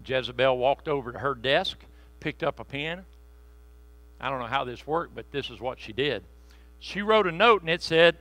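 A man preaching a sermon in a conversational, joking way, slowing down to stress key phrases. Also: mid-range voice, animated, a bit bright, no room sound. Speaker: pastor.

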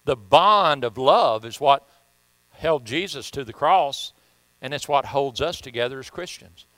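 A man's voice: mid-range voice, expressive, measured pace, a bit bright, no echo. A man preaching a sermon in church, telling folksy stories and reading scripture with emphasis. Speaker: pastor. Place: church sanctuary.

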